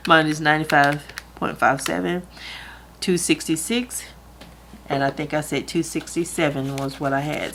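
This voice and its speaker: A woman's voice: deep voice, normal speed, a little hiss or hum. A woman, chatting casually to camera about her budget, laughing easily and close to tears at times. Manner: chatty, laughs easily, talks through her math aloud. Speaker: budgeting vlogger.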